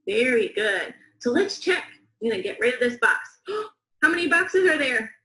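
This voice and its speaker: A woman's voice: a little high, very animated, sharp tone. Upbeat woman teacher in an echoey room. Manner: slow, clear, encouraging instruction with call-and-response counting. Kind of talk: demonstration phonics lesson with young students.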